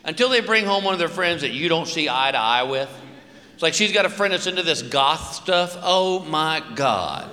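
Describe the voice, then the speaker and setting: A man in his forties performing a stand-up comedy routine, animated and exaggerating voices and shouts. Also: a little high, moderate pace. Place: stage in a large hall. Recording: live hall with audience noise.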